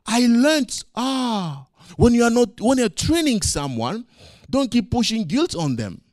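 A man preaching a sermon as pastor, swinging from loud emphasis to quiet asides and acting out his own quoted words. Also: extremely high pitch, sing-song, measured pace, dry recording, clean studio sound.

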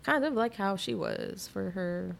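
Medium-pitched and creaky, a young woman recaps a novel in a relaxed, lively way on a chat podcast, full of rapid asides and frequent "like"s.

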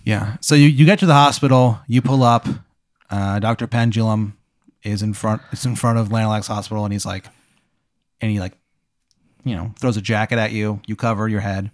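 A man's voice: fairly low pitch, fairly even intonation, brisk, no echo, clean studio sound. Man narrating a playful improv bit. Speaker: host. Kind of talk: improv storytelling.

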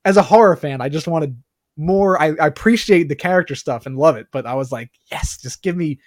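A man co-hosting a podcast, chatting casually about a film in quick, animated bursts with plenty of fillers. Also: fairly high pitch, no echo, clean studio sound. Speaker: podcast co-host. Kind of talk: casual movie review chat.

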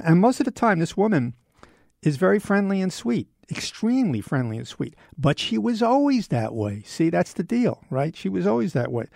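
A man's voice: on the high side, gravelly, darkish tone, no room sound, clean studio sound. A man in his seventies talking in a rambling, wry, self-deprecating monologue as host. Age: 70s. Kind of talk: casual monologue.

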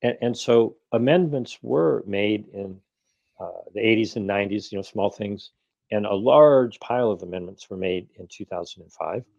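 A man in his sixties talks as an activist guest, driving his points home emphatically and throwing in rhetorical questions. His voice is mellow and warm. The audio is dry and slightly dull, like a lo-fi remote connection. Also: on the low side, normal speed, vocal fry, dry recording. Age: 60s. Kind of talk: interview conversation.

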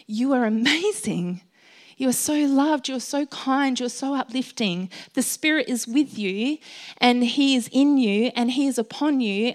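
A woman giving an informal, encouraging sermon to a gathered group, chatty and full of ums and light laughs. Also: fairly high pitch. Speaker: speaker sharing a Bible message.

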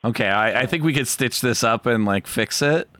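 A man's voice: medium pitch, moderate pace, sharp tone. A man co-hosting a prank call podcast, offhand and laid-back as he chimes in. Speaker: podcast co-host. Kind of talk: casual banter during a prank call.

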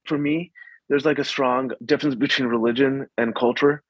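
A young man from the Washington, DC suburbs, a guest in a casual conversation, speaking haltingly and full of fillers and restarts. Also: medium pitch, fairly even intonation, husky, no room sound, low-quality recording.

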